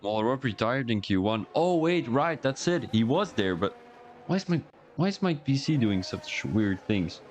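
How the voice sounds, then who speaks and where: A man's voice: medium pitch, very animated, moderate pace, a little hiss or hum. A man giving rambling, chatty live-stream commentary on a sim racing league, talking to his viewers and joking about himself. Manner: rambling and chatty, talks to the chat, jokes at himself.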